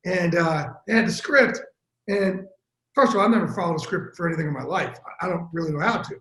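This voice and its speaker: A man telling stories as a guest in a casual, profane interview, animated and quick. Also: high-pitched, echoey room, low-quality recording. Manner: animated, profane, fast-talking storyteller. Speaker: interview guest, sports broadcaster. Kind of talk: casual storytelling chat.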